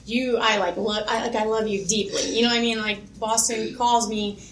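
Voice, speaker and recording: A woman's voice: fairly high pitch, fairly even intonation, moderate pace, a bit bright, a little hiss or hum. A woman speaking at a church workshop, sharing heartfelt stories about youth ministry and her kids. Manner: heartfelt, storytelling, laughs easily. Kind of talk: workshop talk. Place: conference room. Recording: echoey room with faint ambience.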